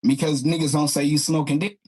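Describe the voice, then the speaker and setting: Man in casual chat, husky voice, a bit higher pitched, rambling delivery. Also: steady tone, fairly quick, darkish tone.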